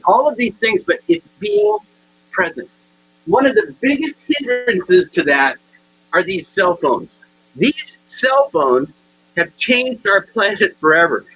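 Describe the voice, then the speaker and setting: A motivational speaker gives a humorous talk, telling stories in which he acts out the people and repeats his punchlines, often stammering and restarting. His voice sits high with a sharp tone, and the low-quality recording carries a slight hiss or hum.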